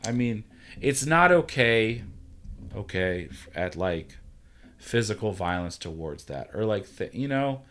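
An earnest man hosting a relaxed podcast chat. His voice sits low, and he talks in a reassuring, storytelling way. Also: a little slow. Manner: earnest, reassuring, tells stories. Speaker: podcast host, father. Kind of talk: casual chat.

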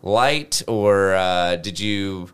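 A man's voice: sits low, extremely slow, fairly bright tone, clear, resonant tone. A man co-hosting a podcast in casual chat, loose and rambling, swearing freely and laughing often. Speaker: podcast co-host.

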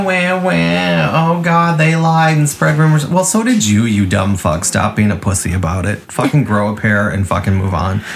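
A man's voice: on the low side, a little hiss or hum. A man co-hosting a casual podcast, ranting with heavy profanity. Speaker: podcast co-host. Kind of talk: casual chat.

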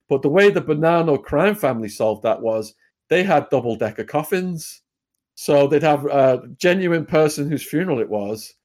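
A man's voice: mid-range voice, darkish tone. An English man, a guest in an interview, telling a story in a vivid, conversational way. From England. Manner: vivid retelling, brisk and conversational.

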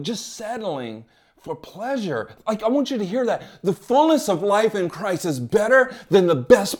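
A man preaching a sermon as pastor, pressing his point with rhetorical questions and swinging between ringing emphasis and hushed, low lines. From United States. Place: church gathering.

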